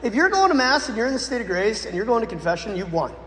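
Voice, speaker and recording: A man, a Catholic priest, telling a dramatic story in a sermon, swinging between loud bursts and hushed lines. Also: sits high, sing-song, quick pace, noisy background. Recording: echoey church with long reverb.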